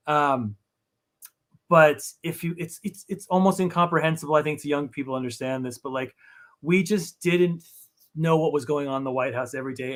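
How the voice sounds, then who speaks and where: A man speaking as a podcast guest, thoughtful and halting, with many restarts. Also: a little high, pushed and bright. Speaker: podcast guest, comic book writer. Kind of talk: casual interview talk.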